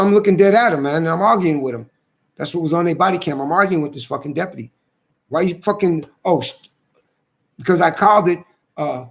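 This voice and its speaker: A man's voice: fairly high pitch, brisk, gravelly. A man, agitated and repetitive, swearing as he rambles through a complaint. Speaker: vlogger airing a grievance. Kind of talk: angry rambling monologue.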